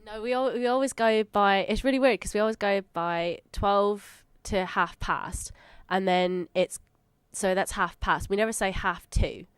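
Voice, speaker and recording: Smooth-voiced woman interviewer. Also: mid-range voice, unhurried, hardly any pauses, no room sound. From England. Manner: friendly, hesitant with ums. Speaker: radio interviewer. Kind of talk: casual interview chat.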